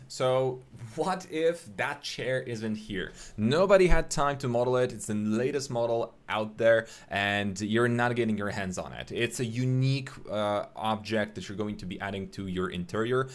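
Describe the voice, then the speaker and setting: A man's voice: mid-range voice, moderate pace. A young man teaching a live online 3D rendering webinar, talking in a chatty way with many fillers and restarts. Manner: chatty, filler-heavy, greets viewers by name.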